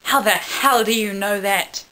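A woman's voice: medium pitch, a little slow, sharp tone, rough recording. A woman voicing a brash, cheerful male time-travelling captain in a dramatic reading of fan fiction, with an eager, slightly raised voice. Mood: excited.

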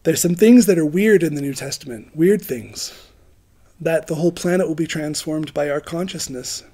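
A man's voice: fairly high pitch, moderate pace, dark tone, slightly rough. A middle-aged man giving an informal, rambling sermon, joking about himself and laughing often. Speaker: preacher.

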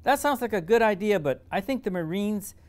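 A man's voice: high-pitched, lively intonation, brisk, voice pushed up. A man voicing Jose, a guilty twelve-year-old boy who mumbles anxiously in a storybook reading. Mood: hesitant.

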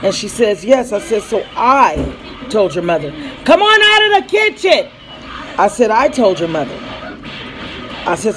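A woman's voice: mid-range voice, rough recording. Chatty mother telling a long story. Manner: rambling, acts out quoted dialogue, breaks off to call to her kids. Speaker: mother vlogging about family life. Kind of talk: casual storytelling vlog. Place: at home with children around.

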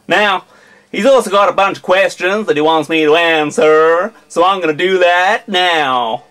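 A man's voice: sits high, lively intonation, a little slow, a bit bright. A man from Britain putting on an exaggerated fake Southern American drawl for a comic word-list reading, adding preacher-style asides. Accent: fake Southern American drawl put on over a British voice. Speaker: vlogger.

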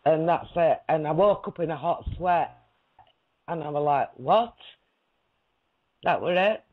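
A woman's voice: low-pitched, moderate pace. Rambling woman telling a dream. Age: 40s. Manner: rambling, laughs often, checks listener understands. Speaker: guest. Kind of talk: casual storytelling. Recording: lo-fi audio.

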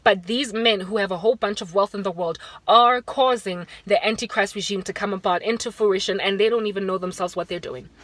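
A South African woman giving a fervent, preaching vlog monologue from inside a car, moving between urgent raised warnings and hushed appeals. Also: medium pitch, a little fast, hardly any pauses, no room sound. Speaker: Christian vlogger.

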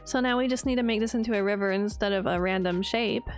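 A woman's voice: medium pitch, fast talker, faint music behind. A young woman chatting casually and sarcastically while playing a game, laughing often and mocking herself. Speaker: gaming video creator. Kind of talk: casual gameplay commentary.

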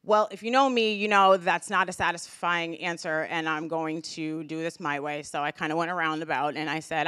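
A woman's voice: deep voice, fairly even intonation, normal speed, few pauses, a bit bright, clear, resonant tone, dry recording, studio quality. Grateful woman giving a heartfelt speech. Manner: emotional, grateful, with many restarts. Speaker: community speaker. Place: community event hall.

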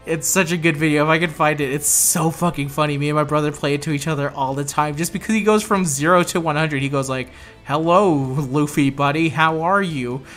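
A man's voice: on the high side, fast, few pauses, fairly bright tone, faint music behind. A man hosting a casual gaming commentary, reading a card game story aloud and laughing, joking and swearing as he reacts.

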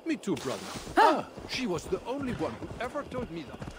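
An actor playing a grateful, devoted cult follower in a video game, speaking earnestly. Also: male voice, high voice, wildly swooping pitch, fairly quick, a crowd in the background.

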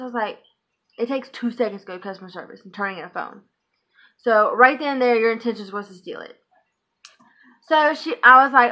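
A woman's voice: a little high, a little fast, pauses often, pushed and bright, muffled recording. Chatty profane young woman vlogging. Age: 20s. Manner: chatty, profane, filler-heavy. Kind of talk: casual storytime vlog.

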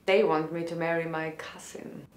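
A woman's voice: low-pitched, flat delivery. An actress with an Austrian accent playing an awkward, confused young woman who hesitates and stumbles over her words in a sitcom. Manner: hesitant, halting and self-conscious. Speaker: aspiring comedian. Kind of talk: sitcom acting.

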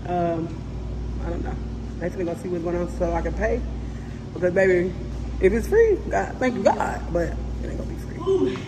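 A woman's voice: lowish voice, expressive, normal speed, pauses often. A woman, vlogging casually and talking effusively straight to her viewers. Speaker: family vlogger. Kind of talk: casual vlog to camera. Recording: echoey room with noise.

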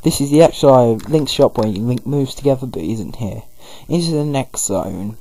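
A man's voice: medium pitch, expressive, normal speed, mellow, husky, low-quality recording. A man giving loose, rambling commentary over a video game playthrough. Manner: rambling, loose, full of fillers. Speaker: gaming video host. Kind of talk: casual let's-play commentary.

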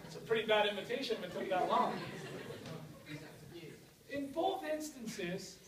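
A man giving an energetic, out-of-breath motivational lecture to students, speaking straight to the audience. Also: high voice, normal speed. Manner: energetic, addresses audience directly. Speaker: guest lecturer. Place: university lecture hall. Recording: echoey hall from far off, faint noise.

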